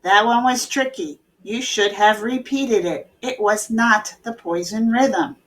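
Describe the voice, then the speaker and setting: An unhurried woman with a medium-pitched, fairly bright voice teaches music in a virtual classroom. Patiently she covers note values, chanting rhythm syllables for the class to copy, singing out rhythms and making playful game calls.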